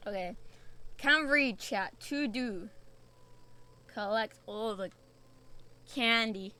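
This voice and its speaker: A young woman from the UK chats her way through a spooky VR game, drawing each word out slowly in a bright, sharp voice. She swears freely and jumps at every little scare. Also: medium pitch, smooth. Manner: chatty, swears often, jumpy and excitable. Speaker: VTuber streamer. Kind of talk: casual VR game stream.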